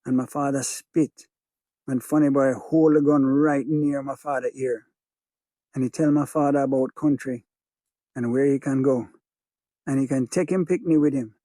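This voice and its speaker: A man with a Jamaican accent narrating a first-person story in a rhythmic, hushed patois. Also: medium pitch, steady tone, normal speed, no room sound. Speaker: audiobook narrator. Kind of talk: first-person audiobook narration of a child's memory.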